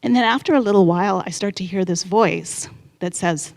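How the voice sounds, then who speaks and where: A woman's voice: medium pitch, normal speed, a little mellow. A woman in her fifties telling a candid personal story on stage at a live event, chatty and acting out her own inner voice. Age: 50s.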